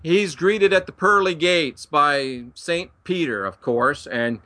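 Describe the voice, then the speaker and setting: A man teaching the Bible in an emphatic, preaching style, his voice bright and forceful and pitched a little high. He talks straight to his viewers in a folksy way and mixes in jokes. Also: takes it slowly. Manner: emphatic, folksy, joking asides.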